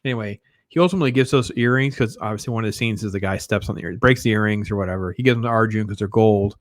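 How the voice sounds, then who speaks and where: A man's voice: on the low side, very fast, no room sound, clean studio sound. A man giving a casual, enthusiastic film review, rambling with lots of fillers and restarts. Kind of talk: casual spoken movie review.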